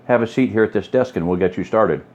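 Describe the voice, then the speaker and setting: A man's voice: fairly low pitch, fast talker, darkish tone, dull audio, lightly acted. A man reading the lines of an efficient young woman aid worker in an audiobook, in a slightly raised voice. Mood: brisk. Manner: efficient, industrious.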